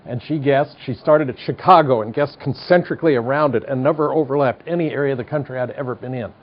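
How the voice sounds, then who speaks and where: A man's voice: medium pitch, quick pace. Wry older man with a General American accent. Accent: General American, slight Midwestern twang. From United States. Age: 60s. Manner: wry, chatty, digressive. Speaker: psychology professor. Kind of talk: televised university lecture. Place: studio classroom. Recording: dull lo-fi lecture tape.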